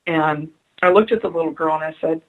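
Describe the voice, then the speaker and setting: A choked-up woman, appearing on radio as a spiritual adviser, shares stories with sincerity and repeats important phrases for weight. She speaks a little fast in a low voice, and the audio has a phone-like quality.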